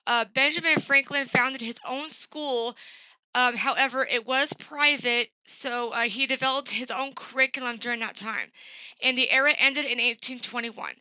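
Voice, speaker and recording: A woman with a high, very bright voice presents a class assignment to her professor. Her delivery is plain and earnest, full of ums and uhs. The sound is dry and a little dull, as from a computer microphone in a small quiet room. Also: steady tone, normal speed, dry recording.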